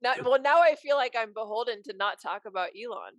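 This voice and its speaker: A woman co-hosting a podcast in casual chat, bubbly and quick to laugh. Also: a little high, animated, poor audio. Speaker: podcast co-host.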